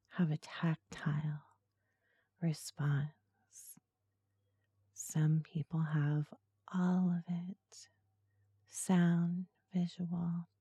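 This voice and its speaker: A woman hosting a podcast in a soft, breathy, slow and seductive ASMR-style voice. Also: on the low side, dry recording. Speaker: podcast host.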